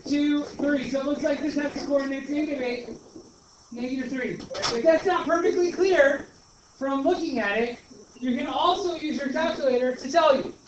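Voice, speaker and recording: A man with a Brooklyn accent teaching a math class, talking in an animated way and calling the students guys. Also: very high-pitched, normal speed, background noise. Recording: echoey, distant, dull classroom recording.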